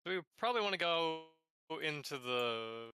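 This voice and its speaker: A man talks through tactics in an online tabletop game, his voice strikingly bright and smooth. He sits right up against a dry, close microphone, and his pitch sits a little above the usual for a man. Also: dry recording. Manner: planning, then hammy put-on Irish brogue. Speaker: player. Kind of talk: tabletop game chat over voice call.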